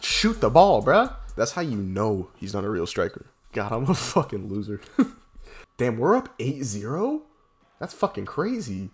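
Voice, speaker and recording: Excitable young man, gameplay commentary. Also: mid-range voice, measured pace, slightly rough, faint music behind. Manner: excitable, profane, swings between hype yells and muttering. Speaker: gaming YouTuber.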